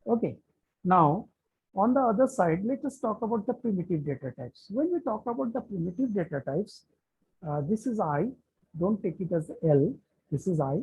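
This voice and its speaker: A man with an Indian accent teaching a live online class. He talks deliberately, repeats key terms and checks whether students can hear him. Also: sits high, lively intonation, darkish tone, husky, low-quality recording. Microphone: computer mic on an online call.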